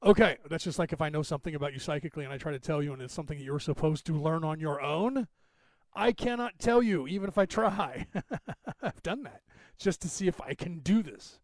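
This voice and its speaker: A man hosting a podcast, talking quickly in a rambling, digressive monologue. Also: a little high, lively intonation, darkish tone, dry recording. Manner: rapid, talkative, digressive. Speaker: podcast host.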